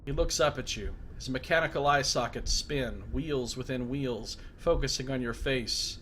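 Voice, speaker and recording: A man's voice: mid-range voice, normal speed, hardly any pauses. A man streaming a video game, reading its story text aloud and breaking in with comments. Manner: reads narration aloud, breaks off into excited asides.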